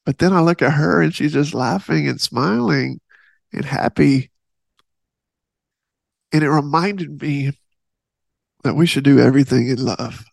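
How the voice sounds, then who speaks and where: A man's voice: fairly high pitch, a little slow, vocal fry, long pauses, a little mellow, no room sound. A man hosting a faith podcast, talking earnestly in a rambling, casual way with many restarts. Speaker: podcast host.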